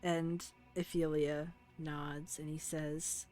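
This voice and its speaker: A woman's voice: low-pitched, little pitch movement, darkish tone, faint music behind. A woman from the American South narrating as game master, with lots of fillers. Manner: slow, filler-heavy narration.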